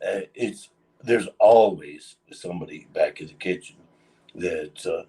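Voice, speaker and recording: A man's voice: low-pitched, unhurried, warm tone, far from the mic, poor audio. A man casually telling a long story on a livestream, rambling with lots of fillers. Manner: rambling, many fillers, acts out quoted voices.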